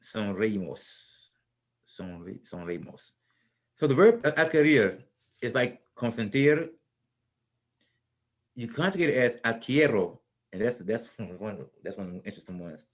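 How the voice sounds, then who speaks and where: Middle-aged man, Spanish teacher, plain mid-pitched voice, folksy classroom delivery with frequent restarts. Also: expressive, moderate pace. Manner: repeats and restarts words, folksy phrasing.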